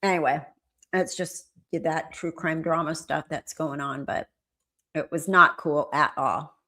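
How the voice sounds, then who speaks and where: A woman's voice: low-pitched, steady tone, unhurried, bright, forceful tone. A woman commentator on a live stream, chatting casually and answering viewer comments as she reads them.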